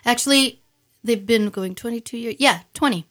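Animated middle-aged woman storyteller. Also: on the high side, normal speed. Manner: animated storyteller, acts out quoted voices. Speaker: guest, stage performer. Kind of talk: casual radio chat.

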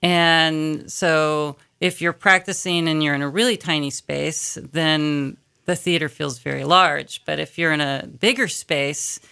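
A woman with a very low, gravelly voice that still cuts bright and crisp. She explains rehearsal logistics in a steady, practical way during a relaxed chat. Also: unhurried, hardly any pauses. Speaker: fellow performer. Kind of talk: casual radio chat.

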